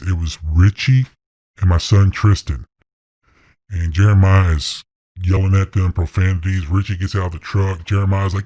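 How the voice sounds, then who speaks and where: A middle-aged man, an interview guest, telling his hunting story in a blunt, excited way and swearing freely. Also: sits low, no room sound. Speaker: interview guest, deer hunter. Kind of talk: casual storytelling.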